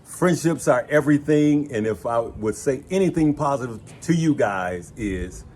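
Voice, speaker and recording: Animated man telling stories. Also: mid-range voice, normal speed, a little hiss or hum. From West Side of Chicago. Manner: animated, folksy, addresses viewers as "good people" and "y'all". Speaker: host. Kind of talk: casual chat and storytelling.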